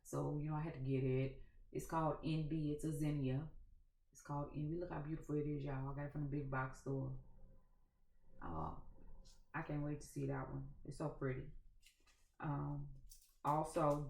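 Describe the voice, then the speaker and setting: A woman, Louisiana accent, gravelly, folksy y'all chat, scratchy throat, echoey room. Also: low voice, steady tone, normal speed, darkish tone. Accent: Louisiana Southern. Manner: chatty, folksy, addresses viewers as y'all. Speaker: gardening channel host. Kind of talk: casual chat to camera.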